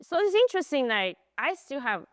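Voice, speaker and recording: A woman's voice: high voice, big pitch swings, brisk. A woman from China speaking English with a Chinese accent as a guest in a casual chat, talking in short, broken phrases of non-native English.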